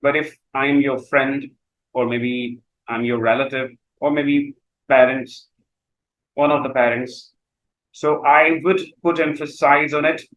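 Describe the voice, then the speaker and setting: Male teacher, Urdu first language, mid-pitched, patient explainer who repeats and rephrases. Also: fairly even intonation, a bit bright, dull audio, slight background noise. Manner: repeats and rephrases himself, slow deliberate examples. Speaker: English teacher. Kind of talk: grammar lesson explanation.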